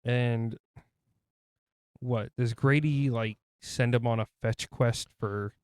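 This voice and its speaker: A man with a smooth, resonant voice discusses a film with his co-host. He is chatty and playful and asks questions along the way. The recording is dry. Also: medium pitch, fairly even intonation, slow, dry recording. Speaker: podcast co-host.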